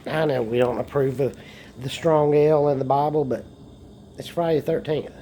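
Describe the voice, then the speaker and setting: A man's voice: on the high side, steady tone, normal speed, mellow, slight background noise. A man, a bit tipsy from beer, rambling and joking through a casual monologue recorded on a phone and swearing often. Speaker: vlogger.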